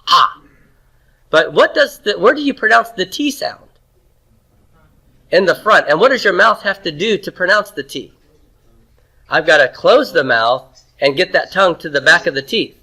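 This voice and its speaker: A man with a bright, forceful voice teaching a Hebrew grammar class. He asks the room questions and then answers them himself. His voice sits a little high for a man. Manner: sounds out Hebrew syllables slowly. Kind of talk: classroom lecture.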